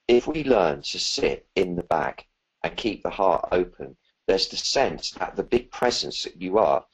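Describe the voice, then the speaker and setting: A man's voice: low-pitched, slightly rough, low-quality recording. A man answering questions as a spiritual teacher in a live talk, earnest and rambling, with many fillers and restarts.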